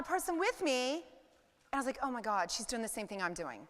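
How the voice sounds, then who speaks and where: Speaking fast in a large hall, a woman in her forties who works as a business speaker delivers a motivational talk to a live crowd. Her voice sits high. She tells her stories with animation and acts out what she was thinking.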